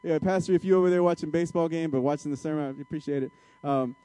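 A male pastor preaching a conversational sermon that moves from soft, confessional moments to emphatic, exhorting appeals. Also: on the high side, racing, hardly any pauses, smooth, no room sound.

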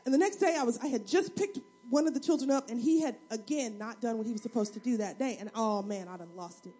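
A woman preaching a sermon, telling a personal story in an animated, humorous way that swings between loud and soft. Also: fairly high pitch, quick pace, breathy edge. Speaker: single mother of two.

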